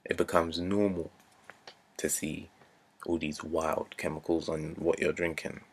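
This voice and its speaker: A young man in his twenties with a very low, gravelly voice. He talks earnestly and off the cuff, repeating his points and sinking into a near-whisper now and then. His tone has a husky, rough edge. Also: level tone, a little slow. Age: 20s. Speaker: vlogger. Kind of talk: unscripted rant to camera.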